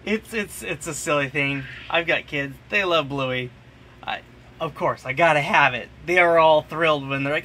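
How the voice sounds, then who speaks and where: A man's voice: a little high, moderate pace, pushed and bright, slight background noise. A man hosting a casual gear review vlog, talking in a jokey, rambling way with self-mocking asides. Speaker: channel host.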